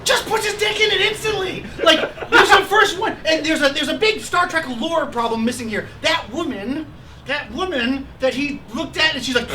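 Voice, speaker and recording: A man in his thirties hosting a live stream, talking casually and ranting with animated sarcasm. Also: extremely high pitch, moderate pace. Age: 30s. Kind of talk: casual chat. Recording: distant mic with faint noise.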